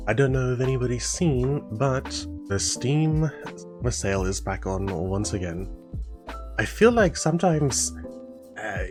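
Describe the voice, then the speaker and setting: A man chatting casually as a streamer while playing a modded game, wry and talkative. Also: mid-range voice. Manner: wry, chatty, mildly indignant asides. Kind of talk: casual live-stream chat over gameplay.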